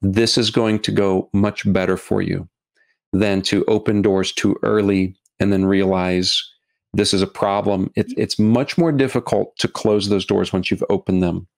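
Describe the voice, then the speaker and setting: Middle-aged male guest, low gravelly voice, earnest, halting, repeats words. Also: steady tone. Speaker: guest, documentary filmmaker. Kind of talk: podcast interview.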